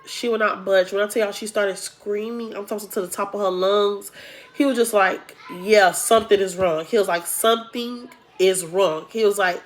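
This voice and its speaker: A woman's voice: mid-range voice, fairly even intonation, a little fast. Chatty young woman telling a story. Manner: chatty, addresses viewers as y'all, acts out quotes. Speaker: storytime vlogger. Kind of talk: casual storytelling to camera.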